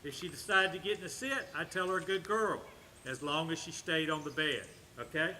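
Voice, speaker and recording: Bright-voiced dog trainer. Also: male voice, fairly high pitch, a little fast. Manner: talks to the dog in soft praise, explains to camera. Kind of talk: casual demonstration. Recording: faint background noise.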